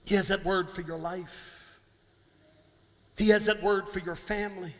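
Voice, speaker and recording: A man preaching a sermon as pastor in a church, repeating phrases and building up to shouted, impassioned peaks. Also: high voice, fairly even intonation, unhurried, long pauses. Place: church sanctuary. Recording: long church-hall reverb.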